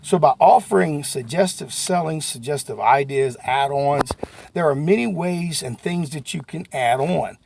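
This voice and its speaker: A man giving a folksy, animated sales lesson that breaks into sudden shouts. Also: fairly high pitch, normal speed, vocal fry, slight background noise. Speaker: sales trainer. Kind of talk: motivational sales talk to camera.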